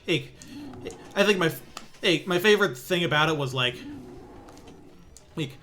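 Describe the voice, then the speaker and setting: A man's voice: fairly high pitch, moderate pace, pushed and bright, slight background noise. A young man streaming a pinball game, chatting casually in a rambling way with many restarts and sarcastic asides. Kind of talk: casual stream commentary while playing.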